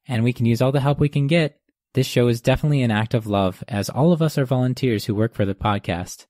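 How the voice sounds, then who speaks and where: A man's voice: mid-range voice, mellow, dry recording, studio quality. A male podcast host reading a scripted outro and thanking supporters by name.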